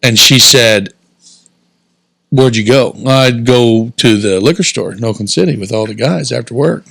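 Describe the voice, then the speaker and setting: A young man with a Southern Indiana accent tells a story on a podcast in loose casual chat. His voice is gravelly and bright, recorded dry and close on the mic. He swears freely and acts out the other people in his story. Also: mid-range voice, normal speed, no echo. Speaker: podcast co-host.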